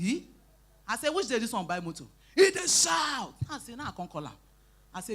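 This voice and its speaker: A Nigerian Pidgin-accented woman does live stand-up comedy at an event, speaking briskly in a medium-pitched voice. She tells lively stories, suddenly shouts acted quotes, and teases the audience.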